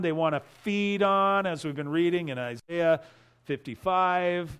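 Male pastor, higher-pitched voice, expository sermon, emphatic delivery. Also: a little slow, a bit bright, clear, resonant tone. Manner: expository preaching, quoting scripture verse by verse; emphatic swells in level on key phrases.

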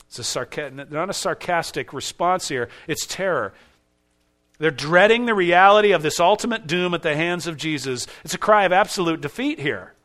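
A man's voice: a little high, a bit bright. A man preaching a sermon, driving his points home with repetition and rhetorical questions.

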